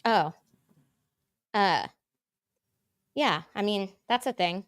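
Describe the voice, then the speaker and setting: A woman's voice: mid-range voice, expressive, extremely slow, clear, resonant tone, dry recording. A woman hosting a livestream, chatting casually and rambling with lots of "like". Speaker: YouTube livestream host. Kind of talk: casual chat.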